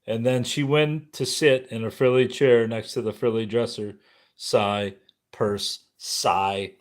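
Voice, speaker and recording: A man narrating a memoir audiobook in a somber, measured way. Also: medium pitch, steady tone.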